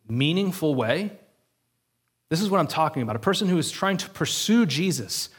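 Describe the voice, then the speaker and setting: Husky-voiced man preaching a sermon. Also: on the high side. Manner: earnest, conversational, checks in with the congregation often. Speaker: pastor.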